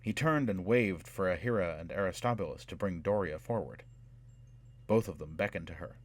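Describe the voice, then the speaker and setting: A man reading a fantasy novel aloud in measured, dramatic scripted narration. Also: low-pitched. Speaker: audiobook narrator.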